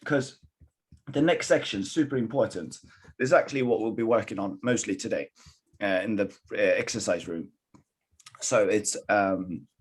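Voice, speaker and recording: Male online Mandarin tutor, husky, encouraging, bilingual English and Mandarin. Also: fairly low pitch. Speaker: Chinese teacher. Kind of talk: live online language lesson.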